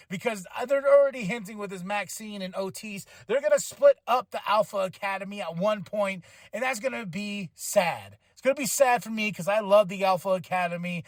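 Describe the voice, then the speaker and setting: A man's voice: high voice, no room sound, studio quality. A man hosting a podcast, giving a casual, rambling wrestling recap and acting out what people said. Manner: rambling, animated, acts out quotes. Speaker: podcast host.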